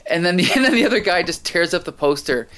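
A man's voice: high voice, a little fast. A man co-hosting a casual chat, retelling a comic story and acting out quotes with laughs. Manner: animated storyteller who acts out quotes with laughs. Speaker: podcast co-host.

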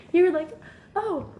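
A woman with a high voice co-hosts a casual podcast chat. She laughs often, swears freely, and jumps in with excited reactions. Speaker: podcast co-host.

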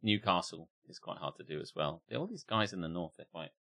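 A man co-hosting a casual podcast who swears and giggles easily. His pitch swings widely as he talks, and his voice has a bright tone. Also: very animated, brisk. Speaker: podcast co-host. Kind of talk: casual chat.

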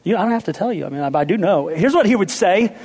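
A pastor preaching a sermon, playful with the congregation at times and dropping to hushed, intense appeals. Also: male voice, sits high, lively intonation, fast talker, slightly rough.

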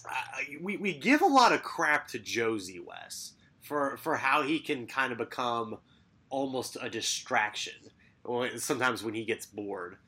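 Male podcast co-host, bright forceful tone, sarcastic, brisk fixture rundown. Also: medium pitch, breathy edge. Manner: lively, rattles through fixture lists with sarcastic asides. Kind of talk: casual sports podcast chat.

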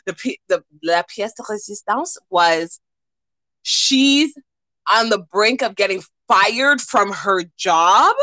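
A woman co-hosting a podcast, telling a story in casual chat, animated and profane, acting out the people she quotes. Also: medium pitch, slow pace, no room sound, rough recording. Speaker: podcast co-host.

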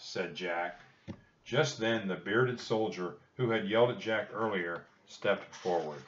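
A man reading a children's storybook aloud in slow, steady storytelling, heard as a dull, distant recording. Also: deep voice, roomy sound. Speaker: narrator. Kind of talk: audiobook reading.

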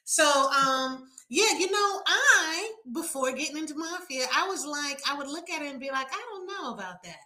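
A woman author chatting in an interview, telling stories with lively acted-out quotes and frequent laughter. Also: high-pitched, normal speed, hardly any pauses. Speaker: romance author guest. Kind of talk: casual interview chat.

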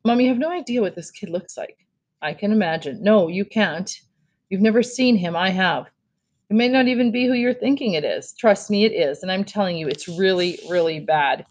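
A woman reading aloud, voicing a blunt, defensive fifth-grade boy in a higher, lively voice. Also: normal speed, close to an everyday voice. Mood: insistent.

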